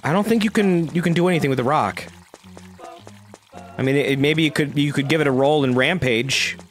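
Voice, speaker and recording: This streamer's let's-play is relaxed and jokey, mixing play-by-play with reading the game's lines aloud and plenty of swearing. The mid-range voice moves briskly, with soft music in the background.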